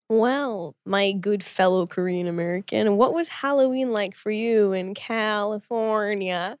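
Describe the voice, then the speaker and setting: A woman's voice: mid-range voice, unhurried, hardly any pauses, dry recording, clean studio sound. A young woman co-hosting a podcast, chatting casually, teasing and laughing easily. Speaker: podcast co-host. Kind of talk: casual chat.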